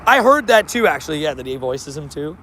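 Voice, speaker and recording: A man's voice: a little high, sing-song, a little fast, noisy background. A man streaming a mobile game, chatting casually with his viewers. He laughs often and trips over his words.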